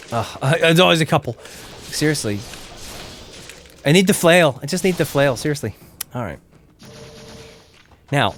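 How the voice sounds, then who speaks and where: A young Englishman with a medium-pitched voice streams a game from home, with a little hiss or hum in the audio. He rambles chattily about gadgets, reads the chat, and swears whenever the game goes wrong.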